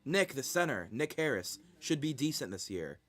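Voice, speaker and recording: A man's voice: medium pitch, very animated, normal speed, fairly bright tone. A young man hosting a live sports stream, venting his frustration over a draft in a repetitive, ranting way.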